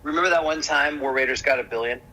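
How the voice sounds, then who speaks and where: Sharp, teasing male gamer. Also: on the high side, fast, poor audio. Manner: playful and teasing, says "bro". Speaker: alliance teammate. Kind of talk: casual voice chat.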